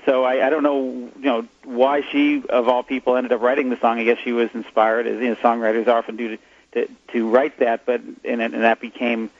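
A man being interviewed as an author, talking in a halting way with many restarts. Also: medium pitch, dull audio. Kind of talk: radio interview.

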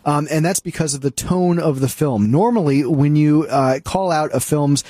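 A man's voice: fairly high pitch, normal speed, mellow, dry recording. A man in a casual film-review chat, talking in a slightly raised voice. He is opinionated and loose, full of "uh"s and restarts. Close, dry studio sound. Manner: opinionated, conversational, many fillers and restarts. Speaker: film critic co-host. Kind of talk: casual movie review discussion.

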